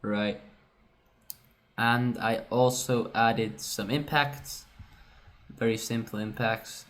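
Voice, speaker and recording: A man's voice: medium pitch, steady tone, slow, fairly bright tone. A man walking through how he produced his own song, talking casually and correcting himself as he goes. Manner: casual and self-correcting, often says "right". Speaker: music producer. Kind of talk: screen-recorded production walkthrough.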